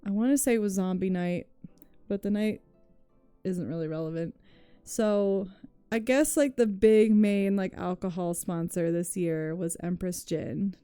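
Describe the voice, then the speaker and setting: A woman's voice: mid-range voice, a little slow, mellow, smooth, dry recording, faint music behind. A woman streamer chatting casually with her viewers, telling rambling stories full of "like", swearing and frequent laughter.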